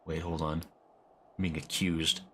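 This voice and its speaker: A man's voice: very deep voice, little pitch movement, a little slow, pushed and bright, slight background noise. A man streaming a game, joking around and chatting with his viewers. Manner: playful, chats with viewers. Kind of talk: casual live-stream commentary.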